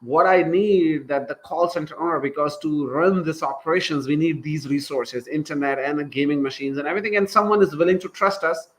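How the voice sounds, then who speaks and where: A man in his thirties with a Pakistani accent, a company founder telling his story in a casual interview, animated and acting out what people said. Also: a little high, fairly quick, few pauses, poor audio. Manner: animated, acts out quoted dialogue, laughs while telling.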